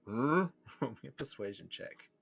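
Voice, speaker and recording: A young man running a tabletop game in an easy, unhurried way. His voice sits at an ordinary middle pitch, and he often laughs and circles back mid-sentence. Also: sing-song, gravelly, fairly bright tone, slightly rough, faint music behind. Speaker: game master.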